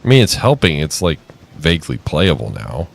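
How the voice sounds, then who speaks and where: A man's voice: very deep voice, wildly swooping pitch, moderate pace, gravelly. A tired man streaming a railroad game, chatting casually with dry jokes and rambling asides. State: tired, yawning. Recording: faint background music.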